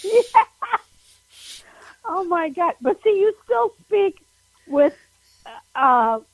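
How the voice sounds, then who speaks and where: A woman comedian guesting on an interview over the phone, talking animatedly with frequent laughs and big pitch jumps. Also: big pitch swings, drawn-out words, dry recording, low-quality recording.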